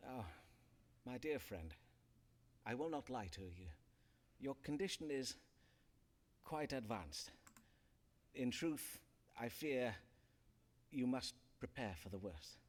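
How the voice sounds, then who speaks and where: A pompous Elizabethan doctor and stargazer, voicing a video game. He speaks in archaic, flowery phrases with little hesitations and a lively, swooping pitch. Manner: florid, archaic, hesitant bedside manner. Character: pompous Elizabethan male physician-astrologer.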